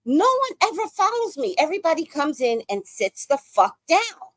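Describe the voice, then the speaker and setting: Woman host, highish and very lively voice, storytelling, close dry mic. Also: moderate pace, dry recording. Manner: lively anecdote with acted-out quotes, swings between high and low pitch. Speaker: podcast host. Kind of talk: animated storytelling.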